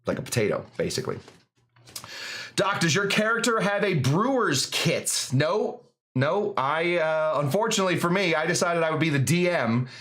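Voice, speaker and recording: A man with a medium-pitched, slightly bright voice hosts a live cocktail show. His stream chatter rambles, jokes around, and is full of fillers.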